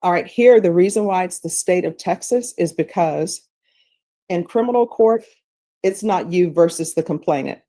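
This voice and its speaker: Woman, judge, patient, methodical, explaining law, mellow tone. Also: on the low side, normal speed.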